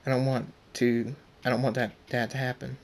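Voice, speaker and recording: A man's voice: medium pitch, flat delivery, normal speed, slight background noise, natural voice. A man voicing an anxious pony who stammers when upset. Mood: worried. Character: anxious pony who fears losing a friend.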